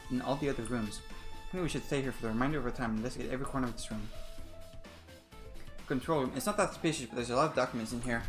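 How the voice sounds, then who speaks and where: This let's player, a man with a medium-pitched, fairly bright voice, reads a story game's dialogue aloud in a plain manner and tosses in blunt asides of his own.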